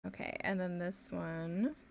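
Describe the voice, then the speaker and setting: A woman from Ontario, chatting casually as a live streamer while she draws. She thinks aloud with many fillers and often trails off into quiet mumbles. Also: lowish voice, fairly even intonation, unhurried, gravelly. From Canada, Ontario. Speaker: live streamer and pixel artist. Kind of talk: casual chat while drawing.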